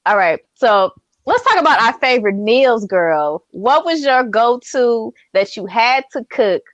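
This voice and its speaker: A woman's voice: a little high, very animated, a little slow, dry recording, dull audio. Laid-back young woman, dry sound. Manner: laid-back, laughs often, calls the listener "honey" and "girl". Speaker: podcast co-host. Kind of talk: casual chat.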